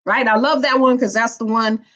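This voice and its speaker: A woman's voice: fairly high pitch, steady tone, normal speed, a bit bright. A woman, giving a spiritual teaching talk in a playful, preachy, colloquial way. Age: 50s. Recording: dull lo-fi recording.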